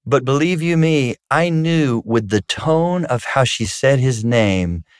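A pastor and marriage counselor chats casually on a podcast with his wife, telling stories and now and then acting out voices with sudden high pitch jumps. His voice is clear and resonant, unhurried, with lively intonation, recorded in a dry, studio-quality setting.

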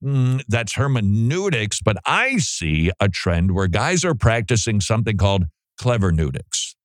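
Lively low-voiced male show host. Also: a little slow, dry recording, studio quality. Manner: animated, sarcastic mock-quoting. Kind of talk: casual commentary on theology.

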